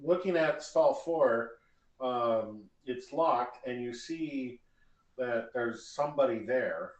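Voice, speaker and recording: A man running a tabletop game as game master, narrating with halting fillers. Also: mid-range voice, far from the mic. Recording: echoey room, voice from off-mic.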